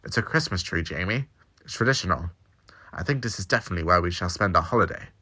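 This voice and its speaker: A man voicing an eccentric male time traveller who talks briskly and reassuringly, with curious questions. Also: low voice, expressive, pushed and bright, full character voice. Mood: breezy.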